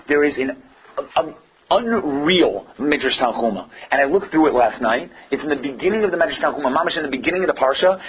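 A man's voice: fairly high pitch, highs cut off, slight background noise. Emphatic man giving a Torah lecture. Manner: emphatic, rhetorical questions, Hebrew and Yiddish terms. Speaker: Torah teacher.

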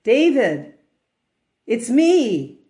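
A woman voicing God speaking from heaven, calm and patient. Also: a little high, very slow, heavily acted.

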